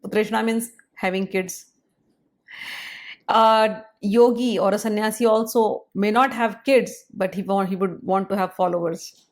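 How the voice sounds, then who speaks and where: A woman, explaining scripture in a measured spoken lecture and pausing to spell out syllables. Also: fairly high pitch.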